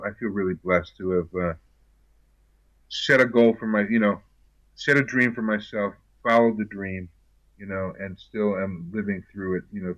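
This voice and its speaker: A man's voice: on the low side, fairly bright tone, no echo, lo-fi sound. Chatty older man telling stories. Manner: chatty storyteller, frequent "you know" and restarts. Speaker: actor guest. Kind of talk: casual interview chat.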